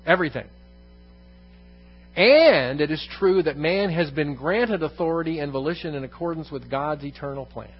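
A man's voice: medium pitch, slightly rough, dull audio. A man teaching a congregation in an evening Bible lesson, repeating key phrases for emphasis and putting questions to the room. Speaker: pastor. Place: church room.

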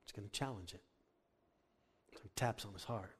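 A man's voice: fairly low pitch, normal speed, a little hiss or hum. A male pastor preaching a sermon in an earnest, conversational and emphatic manner, in a church hall. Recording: echoey hall.

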